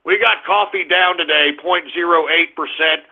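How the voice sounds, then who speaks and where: A man's voice: fairly high pitch, moderate pace, vocal fry. A man hosting an internet radio show, giving a market rundown in a brash, crude, mocking ranting style. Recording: phone-like lo-fi audio.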